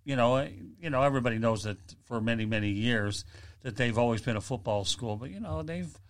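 A man's voice: medium pitch, brisk. A man hosting a sports talk show, chatting loosely and joking with his guests and callers. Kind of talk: casual sports talk radio.

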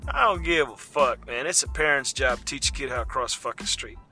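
A man's voice: medium pitch, expressive, a little fast, bright, forceful tone, faint music behind. A middle-aged man hosting a podcast, delivering a heated, profanity-laden rant. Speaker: podcast host. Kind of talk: ranting monologue.

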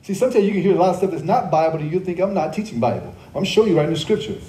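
A man preaches a sermon in a slightly high, mellow voice. He repeats key phrases, quizzes the congregation and adds joking asides. His voice rings through a roomy church. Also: rapid-fire. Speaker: pastor. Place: church service.

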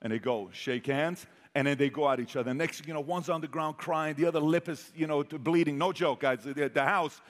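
A man telling a personal story to a live audience as a motivational speaker. He quizzes the crowd and swings between loud bursts and hushed asides. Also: on the high side, fairly quick, hardly any pauses. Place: large hall with an audience. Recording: long hall reverb.

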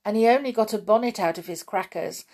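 A woman voicing an eager little girl who calls out loudly. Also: mid-range voice, fast talker, voice pushed up, close to an everyday voice. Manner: loud and eager.

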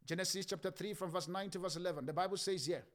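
A man's voice: sits high, fairly even intonation, fast talker. A middle-aged male pastor preaching a sermon emphatically, swelling and dropping his volume and repeating phrases.

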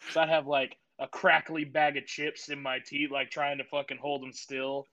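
A man's voice: a little high, flat delivery, normal speed, pushed and bright, highs cut off. A young man co-hosting a podcast, joking crudely and rambling in casual chat. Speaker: podcast co-host.

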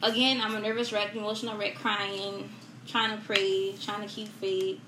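A young woman as a guest, telling a personal loss in a soft, halting way with many fillers and repetitions, in a roomy, noisy recording. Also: medium pitch. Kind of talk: emotional personal story in a podcast chat. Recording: roomy echo with steady background noise.

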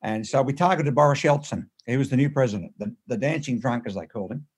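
A male interview guest tells anecdotes emphatically, often repeating words and restarting phrases in animated storytelling. His voice is husky, medium-pitched and quick.

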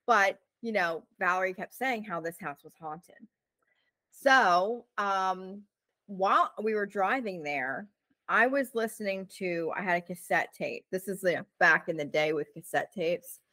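A woman's voice: mid-range voice, a little slow, sharp tone, dry recording. A woman co-hosting a podcast who tells a story in casual chat, full of "like" and "you know", and acts out the quotes. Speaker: podcast co-host.

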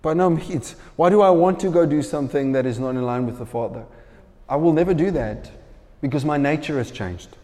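A man preaching with a somewhat high voice, animated as he tells a story and acts out the people in it. His voice rings with the long reverb of a hall. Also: brisk. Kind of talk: sermon.

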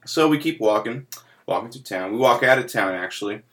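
A man's voice: medium pitch, expressive, brisk, fairly bright tone. A man telling a long joke in casual podcast chat, rambling and laughing at his own punchlines.

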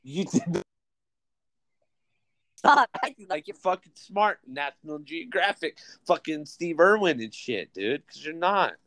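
A man's voice: a little high, sing-song, a little slow, pauses often, a bit bright, dry recording. A young man hosting a podcast in casual chat, joking and teasing with plenty of swearing. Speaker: podcast host.

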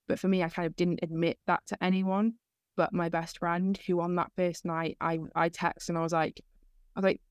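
A woman's voice: on the low side, flat delivery, moderate pace, smooth, no room sound. A young woman at university, telling her story in casual podcast chat, earnest and full of "like"s. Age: young adult. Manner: earnest storytelling, many fillers like "like". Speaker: university student guest.

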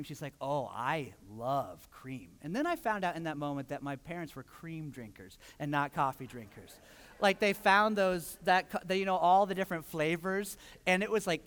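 A man preaching a sermon as pastor, telling stories and acting out quotes with lively energy. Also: a little high. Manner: animated storytelling with acted-out quotes. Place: church sanctuary. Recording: long hall reverb.

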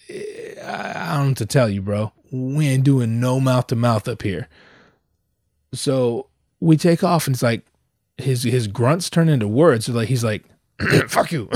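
A man doing stand-up storytelling in a profane, animated way, jumping his voice up to act out what people said. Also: mid-range voice, dry recording, studio quality. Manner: profane, animated, acts out quotes in raised voice. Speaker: comedian.

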